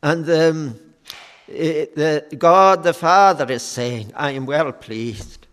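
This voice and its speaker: A man preaching a sermon in a slow, measured way, with frequent fillers. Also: fairly high pitch, a bit bright, in a large hall.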